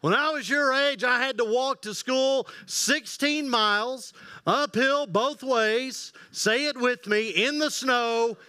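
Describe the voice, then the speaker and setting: A man doing a loud bragging old geezer. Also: extremely high pitch, clear, resonant tone, no echo, pitched above the performer's own voice, exaggerated voice. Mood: boastful. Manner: bragging, exaggerating, drawn-out punchlines. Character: loud boastful old man, tall-tale teller.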